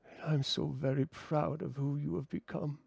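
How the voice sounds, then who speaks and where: A man voicing a deep, breathy, fatherly swamp spirit in a whispered role-play. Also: level tone, moderate pace, darkish tone, no echo, heavily acted. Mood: tender.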